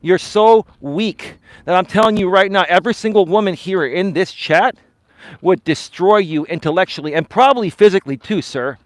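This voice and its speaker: A man's voice: high voice, moderate pace, dry recording. A male dating and life coach ranting on a live stream, confrontational and repeatedly calling his opponent bro and sir.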